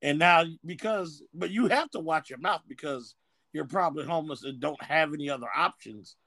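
Male podcast co-host, slightly high gravelly voice, casual and frank. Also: a little fast, no room sound. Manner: blunt, profane, animated storytelling.

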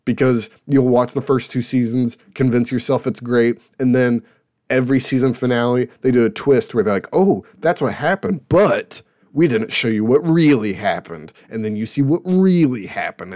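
A man's voice: mid-range voice, darkish tone. A young adult man hosting a casual show, rambling sarcastically about television and laughing at his own jokes. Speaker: podcast host reviewing TV shows. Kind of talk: casual opinionated chat.

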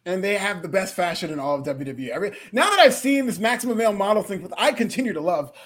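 A man's voice: sits high, quick pace. A man co-hosting a podcast, chatting animatedly and joking. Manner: animated, joking, laughs often. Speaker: podcast co-host. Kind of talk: casual wrestling chat.

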